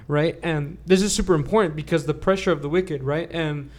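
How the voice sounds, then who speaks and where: A man's voice: a little high, steady tone, a little fast, few pauses. A young man co-hosting a faith podcast, talking earnestly and often tagging "right?" onto his points. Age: young adult. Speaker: podcast co-host. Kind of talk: casual faith discussion.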